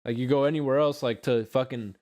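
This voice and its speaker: A man's voice: medium pitch, fairly even intonation, darkish tone. A young man from California with a Californian accent, chatting casually with friends, rambling and swearing. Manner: rambling, swearing, drawn-out phrases. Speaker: friend in group chat. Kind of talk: casual chat.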